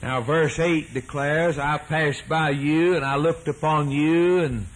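A man preaching a sermon emphatically, repeating phrases and swelling his pitch and volume to stress key words. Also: steady tone, takes it slowly, low-quality recording.

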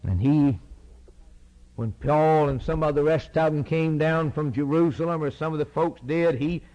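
A man's voice: on the high side, moderate pace, mellow, poor audio. A man preaching a sermon, reading scripture aloud and driving points home through repeated phrases.

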